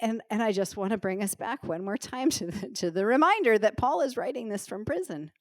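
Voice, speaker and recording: A middle-aged woman pastor preaching a sermon in an earnest, emotional way, slowing down to stress key words. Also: mid-range voice, expressive, no echo, clean studio sound. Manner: earnest, emotional, slows down for emphasis. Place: church stage.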